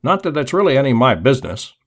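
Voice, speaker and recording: Man doing a haggard den keeper, hesitant, fawning, raised pitch. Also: sing-song, racing. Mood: wheedling. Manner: hesitant, wheedling.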